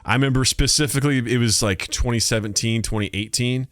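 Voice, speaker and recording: Animated man telling stories. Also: fast, dry recording, studio quality. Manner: animated storyteller, acts out quotes in high voices, laughs often. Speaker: podcast co-host. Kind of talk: casual chat.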